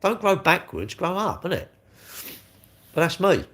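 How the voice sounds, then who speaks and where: Man, 60s, live-stream chat, rambling, blunt, lively pitch. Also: unhurried.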